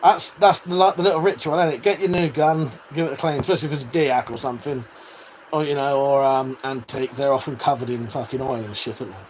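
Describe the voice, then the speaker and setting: A man's voice: mid-range voice, quick pace, a little mellow. A British man hosting a livestream, chatting casually, swearing freely and laughing often as he answers viewers. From United Kingdom. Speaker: livestream host. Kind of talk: casual livestream chat reading viewer comments. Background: faint fan hum.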